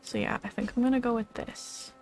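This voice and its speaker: A woman's voice: a little high, fairly even intonation, fairly quick, vocal fry, a little mellow, faint music behind. A woman streamer chatting casually as she plays a game and talks to her pet between moves. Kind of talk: casual gameplay commentary.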